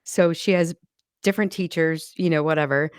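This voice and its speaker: Chatty low-voiced woman, dry sound. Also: fairly even intonation, moderate pace, no echo. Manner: chatty, laughs often, trails off mid-sentence. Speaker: podcast co-host; former speech pathologist. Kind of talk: casual chat.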